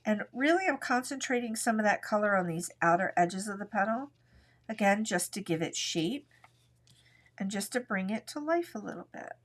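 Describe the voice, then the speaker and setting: A woman's voice: mid-range voice, moderate pace. Chatty woman teaching a coloring tutorial. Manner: relaxed, chatty, narrates each stroke as she works. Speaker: art instructor.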